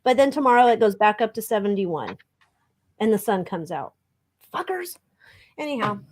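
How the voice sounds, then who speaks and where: A woman's voice: mid-range voice, animated, a little fast, darkish tone. A woman co-hosting a live tarot stream, chatting in a playful, bubbly way and swearing casually. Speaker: tarot reader co-host. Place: home room.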